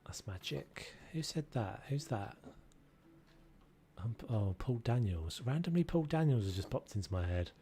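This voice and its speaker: A man from the United Kingdom streams a game and chats with viewers at normal speed, his mid-range voice dark and animated. Slight background noise is audible, and his talk meanders casually.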